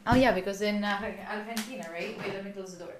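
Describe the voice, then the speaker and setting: Talking fast at a medium pitch with fairly even intonation, a young woman from Italy hosts a casual livestream from her home room. She has an Italian accent, curses freely, and reacts to her chat, with a little hiss or hum audible.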